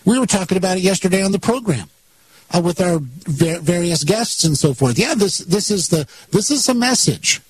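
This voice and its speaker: A man's voice: high-pitched, animated, normal speed, a little hiss or hum, rough recording. A man hosting a talk radio show, giving sarcastic political commentary and mocking his opponents with bursts of laughter.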